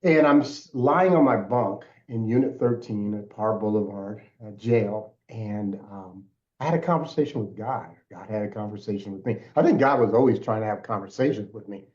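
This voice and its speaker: Deep-toned man giving earnest testimony. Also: normal speed, a little mellow. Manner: earnest, emotional, repeats phrases for weight. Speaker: guest, national speaker. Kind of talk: personal testimony. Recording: echoey, dull lo-fi sound.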